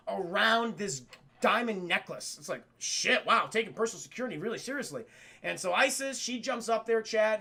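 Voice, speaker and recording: A man streaming a cartoon review, retelling scenes in a profane, excitable way and talking straight to his chat. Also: high voice, creaky. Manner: profane, excitable storyteller who keeps addressing chat; acts out the characters' lines in quick voices. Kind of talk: casual livestream recap.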